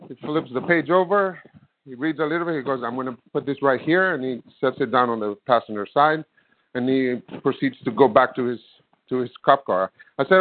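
A man's voice: medium pitch, brisk, dry recording. A man in his fifties, calling in, who tells a story with many fillers and plays both sides of the conversation. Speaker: caller. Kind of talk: casual storytelling. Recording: dry phone-line audio.

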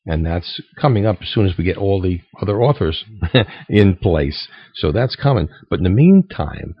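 A man's voice: low-pitched, sing-song, breathy edge, dry recording. A man hosting a radio show in a casual, earnest way, stumbling and repeating words as he talks to listeners. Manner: earnest, halting, repeats words as he pleads for support. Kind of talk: casual radio talk between records. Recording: dull lo-fi dry studio sound.

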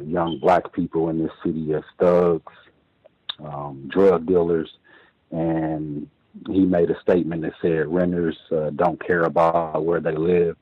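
A man calling in to a radio show, speaking in a hesitant, measured way with many pauses. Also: rumbling low, narrow, tinny audio. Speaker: caller. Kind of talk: call-in radio commentary.

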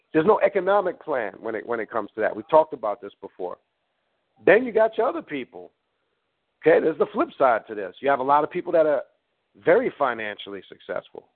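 A man hosting a talk and teaching in a blunt, preachy way, swearing as he goes. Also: on the high side. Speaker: host. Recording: tinny phone-like line.

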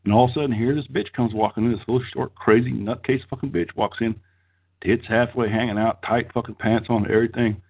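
Husky-voiced man, tinny line. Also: mid-range voice, fairly even intonation, a little fast. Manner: profane, rambling, laughs mid-story. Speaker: storyteller on a podcast. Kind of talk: crude casual storytelling.

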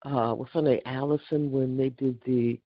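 An older woman on a casual phone call, telling an animated, indignant story and acting out the back-and-forth of what was said. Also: very deep voice, moderate pace, dry recording. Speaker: caller.

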